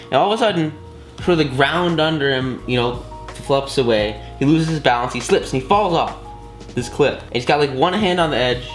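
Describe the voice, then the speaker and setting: A man's voice: on the high side, animated, brisk, roomy sound, soft background music. A man giving a casual, enthusiastic course lesson, talking in slangy bursts with many fillers and restarts. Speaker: course instructor.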